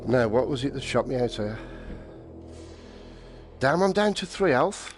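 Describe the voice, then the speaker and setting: A man's voice: medium pitch, expressive, unhurried. A man commentating while playing a VR shooter, muttering and swearing at the enemies on a headset mic. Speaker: VR gamer streamer. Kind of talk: gameplay commentary. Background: game music.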